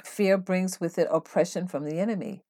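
A woman hosting a devotional podcast, teaching in an earnest, steady way and reading scripture aloud. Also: on the low side, moderate pace. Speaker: podcast host.

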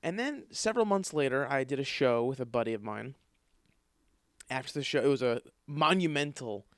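A podcast host with a medium-pitched male voice spins rambling, comedic stories full of swearing, acting out the voices in his quoted dialogue. It's a casual comedic monologue, recorded cleanly in a studio with no echo.

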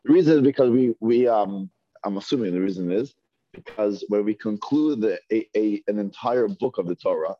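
A man with a lowish voice teaches a Hebrew reading class at a moderate pace, patiently sounding out each word syllable by syllable and having learners repeat after him. The recording is dry and dull.

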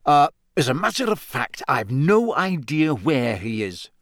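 A man voicing a jovial but nervous middle-aged male wizard official who talks in a hushed, hesitant, confiding way. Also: a little high, sing-song, unhurried, dry recording, studio quality. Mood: flustered.

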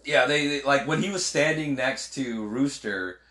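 Animated swearing man in a roomy echo. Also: medium pitch, normal speed. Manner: animated, swears a lot, acts out film lines. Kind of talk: casual movie discussion.

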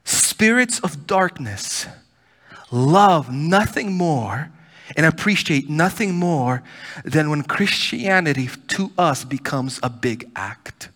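Male pastor, sermon, slow deliberate delivery, very lively pitch, loud pleas to soft near-whispers. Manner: animated preaching, swinging from loud pleading to hushed near-whispers. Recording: church hall reverb.

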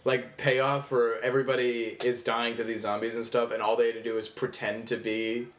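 A man's voice: medium pitch, level tone, moderate pace, crowd noise. A man from the Midwest who is a comedian guest, chatting casually and joking, laughing often. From American Midwest. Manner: joking, jumps into silly voices, laughs often. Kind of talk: casual chat.

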